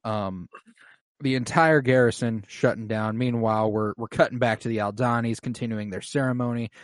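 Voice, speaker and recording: Excitable man recapping, dry close sound. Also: mid-range voice, normal speed, no echo. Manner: excitable, swears often, lots of fillers. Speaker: podcast co-host recapping an episode. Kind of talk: casual chat.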